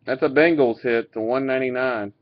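A man's voice: mid-range voice, a little fast. A man casually opening card packs, reading out each card and swearing now and then. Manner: laid-back, swears and laughs while reading out cards. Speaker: card breaker. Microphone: webcam mic. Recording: dull lo-fi webcam audio.

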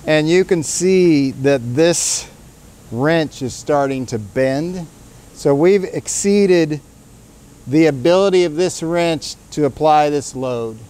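A man's voice: a little high, takes it slowly, a little mellow, smooth. A man presenting his company's tool in a casual, upbeat product demonstration with salesman energy, in a workshop.

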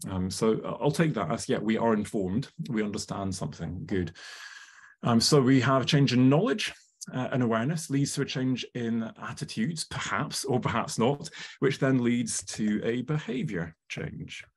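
A man's voice: medium pitch, normal speed, breathy edge. A man presenting a live online workshop, chatty and full of ums, often asking the audience questions over a video call.

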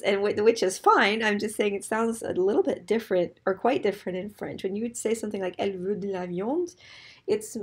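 A middle-aged woman teaching a French lesson, patiently explaining and repeating example phrases slowly. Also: lowish voice, darkish tone, husky. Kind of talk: recorded slide lesson.

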